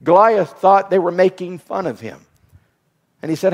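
A man's voice: high voice, normal speed, a little mellow, muffled recording. A man preaching a sermon with an emphatic, repetitive cadence. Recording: reverberant hall.

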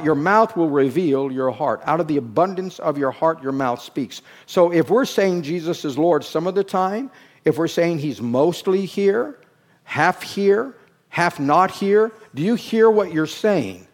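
Middle-aged preacher with dramatic swings. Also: male voice, big pitch swings. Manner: swings between hushed low phrases and loud, rising emphatic bursts; slow, drawn-out words for emphasis. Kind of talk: sermon.

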